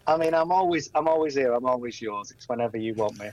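A man's voice: medium pitch, quick pace, highs cut off, very noisy. A man chatting as a guest on a radio show, telling jokey stories. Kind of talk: casual radio banter.

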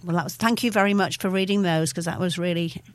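A woman's voice: fairly low pitch, steady tone, quick pace, no room sound. A woman hosting a radio show, chatting in a sympathetic way and searching for words as she responds. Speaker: radio host. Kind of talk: casual chat.

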